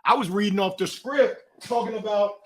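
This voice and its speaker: A middle-aged man telling stories as an interview guest, lively and acting out the voices of people in his anecdotes. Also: sits high, moderate pace, breathy edge. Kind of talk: animated storytelling.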